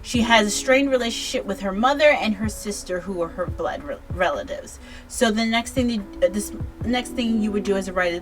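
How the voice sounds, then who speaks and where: Woman, tipsy, casual book review, rambling, cursing, faint music behind. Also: mid-range voice. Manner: rambling, swears freely, frequent restarts.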